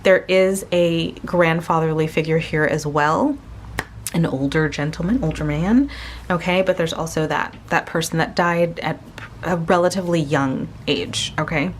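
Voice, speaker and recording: A woman giving a casual spoken tarot reading to her viewers, gentle and searching, pausing often and restarting her sentences. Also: low-pitched, slight background noise. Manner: slow, gentle, searching, with many pauses and restarts. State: tearful, emotional. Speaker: tarot reader.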